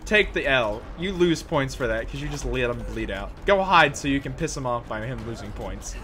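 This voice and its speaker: Young man, game streamer, excitable, swears a lot, panicked yelling, bright voice, lively pitch. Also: normal speed, few pauses, soft background music. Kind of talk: live game-stream chatter.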